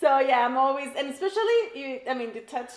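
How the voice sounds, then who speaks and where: A woman's voice: sits high, animated, quick pace. A middle-aged woman with an El Paso Texas accent, a guest talking casually and emotionally, laughing often. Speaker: guest, realtor. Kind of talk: casual interview chat. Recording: echoey room.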